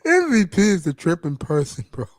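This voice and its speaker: A man's voice: high-pitched, wildly swooping pitch, a little fast, no echo. A middle-aged man telling stories casually, mimicking people and laughing often. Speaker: podcast host. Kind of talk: casual storytelling chat.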